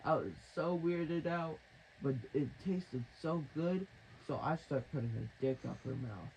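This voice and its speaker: Slow, crude rambling male storyteller. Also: on the high side, gravelly, darkish tone, a little hiss or hum, low-quality recording. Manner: crude, rambling, mock-dramatic.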